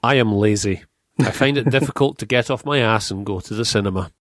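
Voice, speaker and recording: A man's voice: on the low side, brisk, no echo, studio quality, soft background music. A man hosting a casual film review podcast, wry and playful, with jokey asides. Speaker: podcast host.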